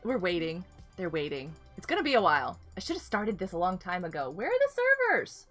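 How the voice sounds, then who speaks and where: A woman's voice: on the low side, sing-song, fairly quick, a bit bright, faint music behind. A young woman live-streaming a game, chatting casually and giggling often as she greets viewers.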